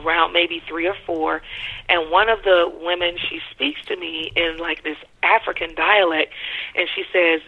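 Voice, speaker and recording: A caller calmly retelling a dream in casual speech, often pausing with fillers and restarting sentences. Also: medium pitch. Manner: hesitant, with frequent fillers and restarts. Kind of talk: casual spoken storytelling. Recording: narrow telephone line.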